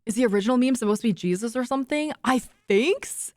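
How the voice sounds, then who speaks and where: A woman's voice: a little high, quick pace, a little mellow, dry recording, studio quality. A young woman streaming, chatting casually with her viewers, giggly and cooing baby talk to her dog.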